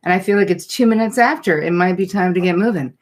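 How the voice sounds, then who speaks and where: A woman's voice: fairly low pitch, quick pace. A middle-aged woman hosting a live online masterclass from her home setup, chatting and greeting viewers by name and place. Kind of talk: casual live-stream welcome. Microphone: computer setup, looking down at notes.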